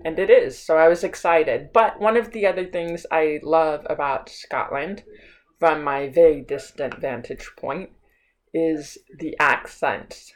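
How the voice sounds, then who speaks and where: Lively American woman preaching from home. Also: deep voice, a little slow, low-quality recording. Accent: Pacific Northwest American. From United States. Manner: enthusiastic, chatty and informal. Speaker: pastor. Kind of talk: sermon. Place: her home.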